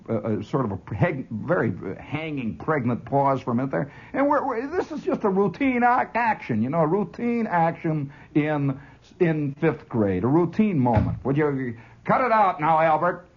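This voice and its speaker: A man hosting a radio show, telling a long story in an animated, chuckling monologue, on a dull 1970s broadcast. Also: a little high, husky. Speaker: radio host.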